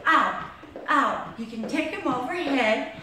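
A somewhat high-voiced woman leads an exercise lesson, counting reps as she moves and running short of breath. She talks slowly and sits back from the mic. The room around her is very echoey, with a light hiss behind. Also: animated, pushed and bright, far from the mic. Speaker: fitness instructor. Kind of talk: workout demonstration.

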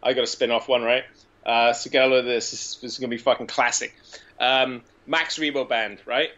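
A man, a guest on a podcast, pitching silly ideas in an animated, profane, joking way. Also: a little fast. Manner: animated, profane comic storytelling. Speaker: guest filmmaker. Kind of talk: casual podcast chat. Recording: dull lo-fi audio.

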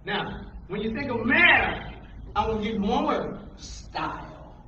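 A man preaching a call-and-response sermon to a congregation, animated and calling out questions for them to answer. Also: high voice, a little slow, a little hiss or hum. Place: church hall with a congregation. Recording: echoey room from far off, dull lo-fi.

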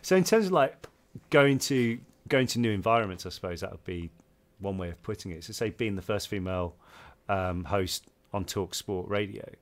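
An English man co-hosting a relaxed interview podcast, his voice sitting on the lower side. He rambles through anecdotes, restarting sentences and chuckling as he goes. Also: moderate pace. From England. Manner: rambling, restarts sentences, laughs while telling stories. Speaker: podcast co-host. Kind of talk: casual interview chat.

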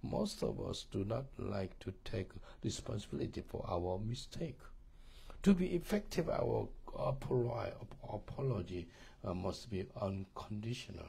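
Earnest halting man teaching, gravelly and low. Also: animated, mellow. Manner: halting, repeats words, asks listeners "Do you understand?". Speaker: marriage course teacher. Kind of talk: church teaching on marriage.

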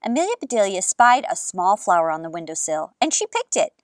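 An expressive woman storyteller reads a picture book aloud to young kids. Her delivery bounces through a wide, lively pitch range. She is recorded outdoors in an orchard, and the sound is dry and close. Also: brisk, no room sound. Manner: animated, expressive read-aloud. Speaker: children's storyteller.

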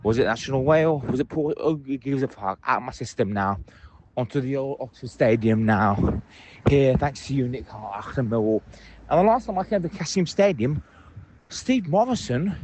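A man leaves a heated voicemail from out in public, swearing freely and ranting with passion. His voice sits at an ordinary pitch. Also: expressive, normal speed, a little mellow, a little hiss or hum. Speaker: caller leaving voicemails. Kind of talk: phoned-in voicemail rant. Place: out in public, at a train station.

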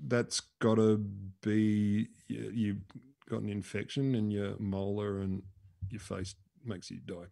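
A man from Australia co-hosting a casual podcast, guessing at old disease names with deadpan jokes and silly asides. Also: on the low side, slow, gravelly. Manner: jokey, deadpan wisecracks. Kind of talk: casual comedic chat.

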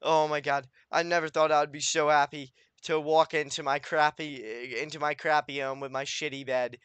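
A man's voice: fairly high pitch, level tone, normal speed, a bit bright, clean tone, no echo. Young male gaming YouTuber, jittery and foul-mouthed, muttering to himself. Clean, resonant voice, dry close-mic sound. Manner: anxious, swearing, self-talking, desperate pleading. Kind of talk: Minecraft let's play commentary.

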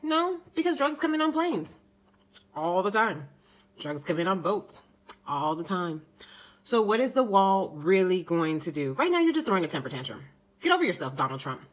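A woman's voice: medium pitch, very animated, moderate pace, poor audio. A young woman vlogger delivering an indignant, sarcastic political rant to her camera. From United States.

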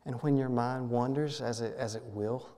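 A man serving as minister, leading a guided prayer meditation in a gentle, halting way, often repeating words and dropping to a soft hush. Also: mid-range voice, fairly even intonation, in a large hall. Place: church sanctuary.

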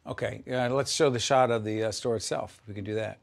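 A man's voice: lowish voice, fairly even intonation, fairly quick, vocal fry. A middle-aged man hosting a TV interview, enthusiastic and playful, often jumping in. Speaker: TV interview host.

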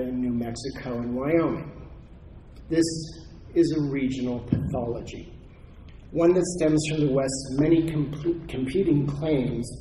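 A man delivers a measured academic conference lecture. His voice is warm and mellow, and his words carry the reverb of a large hall. Faint background noise sits under it. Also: medium pitch. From Oregon, United States. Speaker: conference speaker, historian.

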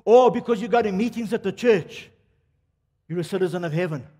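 A man's voice: sits high, fairly quick, warm tone. An older man preaching a sermon, talking straight to the congregation and firing off rhetorical questions. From South Africa. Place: church hall. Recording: long reverb of a church hall.

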